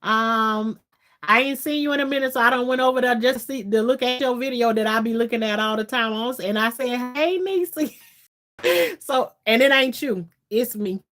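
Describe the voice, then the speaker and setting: A woman's voice: fairly high pitch, steady tone, fairly quick, a bit bright. A woman from Florida with a Southern US accent, hosting a casual livestream, chatting loosely and laughing often. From Florida, USA. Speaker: livestream host. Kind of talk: casual livestream chat, reading viewer comments.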